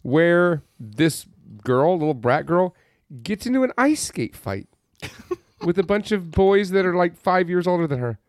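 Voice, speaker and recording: He speaks unhurriedly in a high-pitched voice with big pitch swings, recorded dry and clean in a studio. As co-host of a podcast, he sarcastically recaps a movie in casual chat, telling profane jokes and mimicking quotes in a mocking way.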